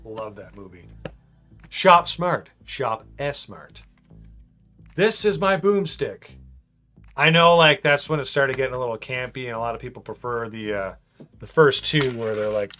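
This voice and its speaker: A man's voice: mid-range voice, sharp tone. A man chatting casually on a live stream while building a model, reading out viewer comments and tossing in "man" a lot. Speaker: livestream host building a brick model. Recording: faint music behind.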